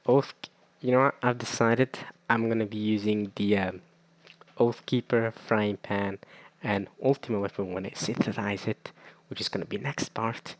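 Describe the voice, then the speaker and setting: Excitable young gamer stammering over his play. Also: lowish voice, moderate pace, no echo. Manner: excitable, stammering and repeating himself. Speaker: gaming video creator. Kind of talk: casual let's-play commentary.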